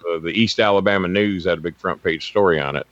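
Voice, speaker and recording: A man with a very low voice swaps crude, joking stories in loose podcast banter. The recording is dry and a little dull, with the top end rolled off. He swears freely and keeps the tone sarcastic. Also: quick pace, a bit bright, no echo. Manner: profane, wisecracking storyteller. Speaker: podcast guest, former pro wrestling manager. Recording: slightly dull, dry sound.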